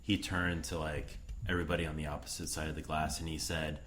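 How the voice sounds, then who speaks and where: A man's voice: a bass voice, level tone, fast, a bit bright, a little hiss or hum. A man co-hosting a casual movie review podcast, laid-back and agreeable, often laughing along. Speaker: podcast co-host.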